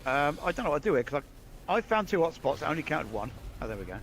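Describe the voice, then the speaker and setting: A man in casual chat during a shared game session, thinking aloud and sounding puzzled. His voice sits a little high. Faint hiss lies behind it. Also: big pitch swings, fast talker, fairly bright tone. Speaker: co-player.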